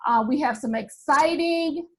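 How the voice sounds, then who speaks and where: A woman's voice: sits high, measured pace, rough recording. A woman on a video call giving an enthusiastic, cheerleader-style welcome speech to open a university colloquium, whooping and cheering between lines. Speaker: university staff member opening a colloquium.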